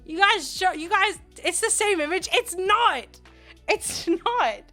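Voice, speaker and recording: Young female streamer, high and bright, rambling and laughing, bursts of playful shouting. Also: animated, slow. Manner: giggly, rambling, bursts into loud playful yelling. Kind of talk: casual live-stream chat with viewers. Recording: faint music behind.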